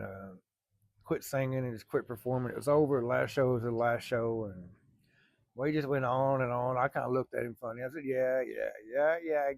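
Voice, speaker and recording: A middle-aged man with a gravelly, fry-edged drawl talks in an easygoing, rambling way. His folksy storytelling sounds close and dry. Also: mid-range voice, darkish tone, no echo. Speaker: vlogger. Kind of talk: casual storytelling. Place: workplace, early morning.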